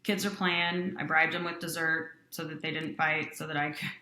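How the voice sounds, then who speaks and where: A company president from Utah tells a personal story in an interview, earnest and animated, voicing the people in it as she goes. Her voice is low-pitched at a normal speed, recorded in an echoey room.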